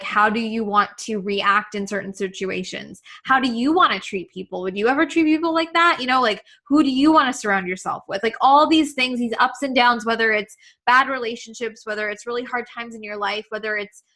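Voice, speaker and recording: A woman's voice: fairly high pitch, a little fast, few pauses, sharp tone. Earnest, emotional woman coach. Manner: earnest, emotional, repeats herself, many "like" fillers. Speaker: confidence coach leading a webinar. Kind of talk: live webinar talk.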